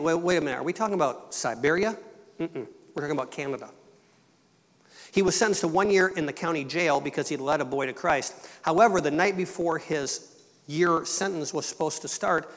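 A middle-aged man gives a missionary talk at a church, in an easy, storytelling voice with bits of humor. His voice sits a little high for a man. A long reverb hangs in the sanctuary around him. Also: a bit bright. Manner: conversational, storytelling, light humor. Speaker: missionary speaker.

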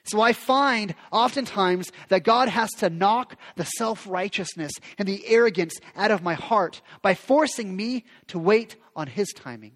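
A man's voice: high-pitched, lively intonation, measured pace, few pauses, fairly bright tone. A man preaching a sermon as pastor, speaking with passion and acting out quoted prayers. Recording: long reverb of a large hall.

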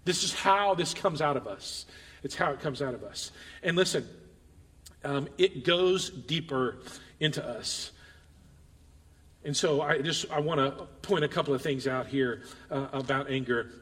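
A high-voiced man delivers a lively sermon, reading scripture aloud and leaping into its lines with emphatic, animated voices. His tone is bright and ringing. The sound carries the long reverb of a big hall. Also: a little slow, long pauses. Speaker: preacher.

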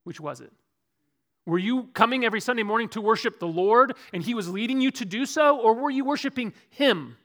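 Bright, high-voiced preaching man. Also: lively intonation, fairly quick. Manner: earnest preaching, swings between loud emphasis and quiet asides. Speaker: pastor. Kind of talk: sermon.

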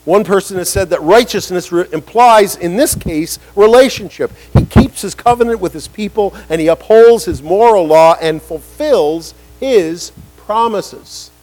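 A man delivering a sermon, his voice sitting high for a man. He preaches with animation, putting on the voices he quotes and pushing key lines upward for emphasis. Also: a little slow, hardly any pauses, darkish tone, slight background noise, poor audio.

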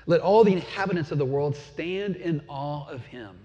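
A man's voice: on the high side, moderate pace, dark tone. A man preaching a sermon in a conversational way, often asking his listeners questions. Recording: dull sound with long hall reverb.

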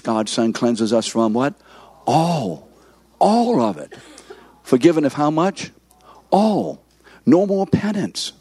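A man's voice: lowish voice, darkish tone, slightly rough, no room sound. A man in his seventies, a pastor giving an interactive sermon who keeps asking the congregation questions.

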